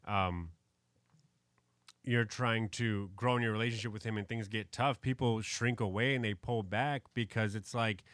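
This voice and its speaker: A man's voice: mid-range voice, fairly bright tone, no room sound. A man talking casually about faith on a podcast, loose and conversational with lots of fillers. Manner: conversational, many fillers like "you know, like".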